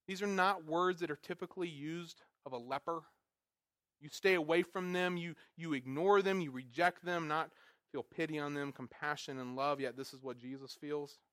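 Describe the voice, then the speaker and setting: A man's voice: high-pitched, a bit bright, no room sound, studio quality. A man preaching a sermon with earnest emphasis, repeating words and building to bursts of force. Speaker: pastor.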